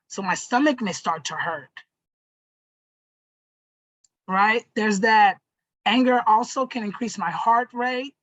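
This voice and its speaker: A young adult woman teacher giving a gentle lesson to children, encouraging them and often checking in with "right?" and "okay?". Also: on the high side, no echo, poor audio.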